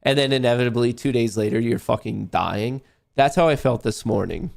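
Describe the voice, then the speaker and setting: Nasally guy rambling on his trading stream, swears a lot, kinda gravelly. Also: medium pitch, fairly quick. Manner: rambling, joking and profane. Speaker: livestream trading show host. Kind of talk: casual livestream chat while trading.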